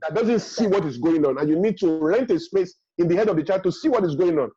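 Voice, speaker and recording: A husky man speaks in a high register. He gives forceful parenting advice as a webinar guest and hammers home each point by repeating it. The video-call audio is dry and dull. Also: lively intonation, fast talker. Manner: emphatic, repeats key points, acts out parents' lines.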